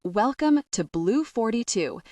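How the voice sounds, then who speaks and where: A woman voicing a pompous, smooth-talking male property developer in an audiobook. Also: on the high side, big pitch swings, measured pace, a little mellow, no room sound, recorded from a distance, pitched above the performer's own voice. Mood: showy. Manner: showy, salesman-like.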